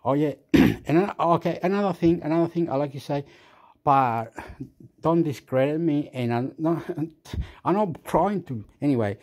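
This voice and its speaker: A man's voice: animated, moderate pace, long pauses, darkish tone. A man, the host, talking in a rambling casual monologue, jumping between topics with fillers, laughs and sound effects. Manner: makes sound effects like boop and boom.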